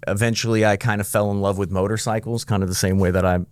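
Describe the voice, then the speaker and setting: A man's voice: fairly low pitch, steady tone, fast, smooth, no echo, clean studio sound. A man in his thirties, a guest on a podcast, telling stories in a laid-back, profane way and laughing often. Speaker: guest, cannabis breeder. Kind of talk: casual podcast storytelling.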